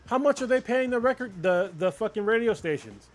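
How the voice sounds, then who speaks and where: A man on a casual podcast, talking in a profane, animated rant. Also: high-pitched, brisk. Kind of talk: casual chat.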